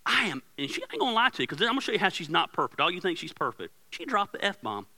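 A man's voice: sits high, fast talker, poor audio. A middle-aged male pastor preaching a sermon in a church, telling a story about himself with lots of energy and acting out his wife's angry lines. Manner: animated storytelling, acts out his wife's yelling. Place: church sanctuary. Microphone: handheld or headset microphone.

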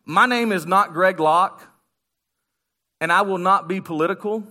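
A man's voice: high-pitched, measured pace, pushed and bright. A man giving a sermon as guest pastor, joking and conversational with the congregation in a church. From United States. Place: church sanctuary.

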